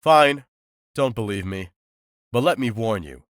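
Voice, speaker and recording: A man voicing an excitable young male werewolf who fusses dramatically over his best friend, in an audiobook. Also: mid-range voice, measured pace, no echo, clean studio sound, voice pushed up. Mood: dramatic. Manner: dramatic, fussing, playful. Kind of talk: audiobook character voice.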